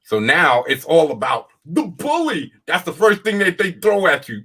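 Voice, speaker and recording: A fired-up man rants on a casual talk show with a fairly high voice that swings widely in pitch. He hammers his points home by repeating them and talks in a plain, folksy way, laughing as he goes. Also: big pitch swings, unhurried, hardly any pauses, pushed and bright, breathy edge. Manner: emphatic, repetitive, ranting, laughs often.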